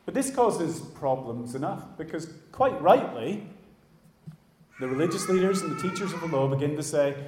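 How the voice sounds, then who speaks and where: A man preaches a sermon, bright and animated. He acts out quoted voices and then sinks to a near hush at the close of his thoughts. His fairly high voice rings around an echoey church room. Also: moderate pace. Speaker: pastor.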